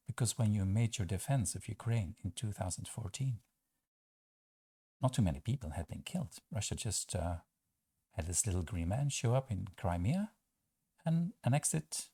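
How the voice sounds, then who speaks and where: A man giving sarcastic political commentary, asking rhetorical questions and pausing on fillers. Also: lowish voice, expressive, mellow, husky, no echo. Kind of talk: opinion commentary over clips.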